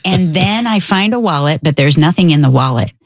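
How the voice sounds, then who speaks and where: A middle-aged woman with a low, husky voice and a gravelly edge, telling a personal story with energy. She jumps into the voices of the people she quotes. The sound is dry and close. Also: a little fast, no room sound. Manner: animated, breaks into quoted voices. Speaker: storyteller guest. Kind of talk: casual storytelling.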